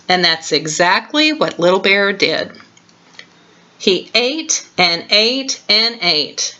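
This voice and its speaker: An older woman at home reading a children's storybook aloud to her grandchild, warm and expressive, recorded on a webcam. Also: mid-range voice, takes it slowly, lo-fi sound.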